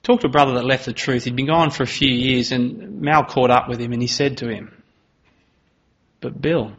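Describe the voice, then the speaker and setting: A man's voice: medium pitch, steady tone, fairly quick, fairly bright tone. A man preaching a sermon in an earnest manner, voice rising dramatically when he acts out quoted lines. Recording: slightly dull, lo-fi sound.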